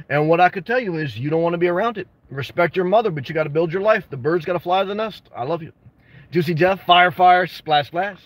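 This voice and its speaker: A man with a notably high voice hosts a casual livestream, answering his viewers' comments one after another. He gives blunt, jokey advice and breaks into excited outbursts now and then. The sound is dry and close, with no room echo. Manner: reads and responds to viewer comments. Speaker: livestream host answering chat.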